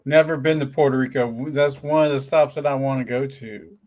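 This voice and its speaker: A man's voice: medium pitch, fairly even intonation, brisk, darkish tone. A man co-hosting a casual podcast, dropping wisecracking asides. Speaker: podcast co-host.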